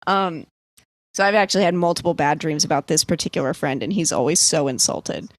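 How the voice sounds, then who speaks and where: A woman's voice: sits low, a little fast, a little hiss or hum. A young woman from the East Coast telling a dream story in casual podcast chat, full of "like" and freely swearing. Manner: rambling, filler-heavy, swears freely. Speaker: podcast guest.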